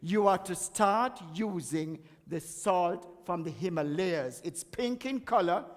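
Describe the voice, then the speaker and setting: High-voiced man in echoey hall. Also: lively intonation, slow pace. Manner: chatty, emphatic, laughs at himself. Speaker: guest speaker on health. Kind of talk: church health talk. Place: church hall.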